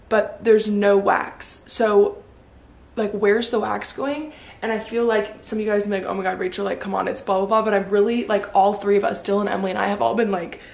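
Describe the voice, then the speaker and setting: A young woman in her twenties chatting casually to camera at home in a vlog, excitable and full of fillers. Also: medium pitch, gravelly, echoey room. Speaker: vlogger. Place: home living room.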